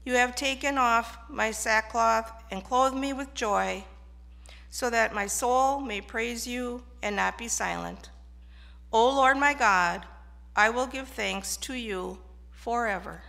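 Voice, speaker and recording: A woman reads scripture aloud at a slow, deliberate pace in a church sanctuary. Her voice sits a little high and bright, with a gravelly fry running through it. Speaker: lay reader. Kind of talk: scripture reading in a church service.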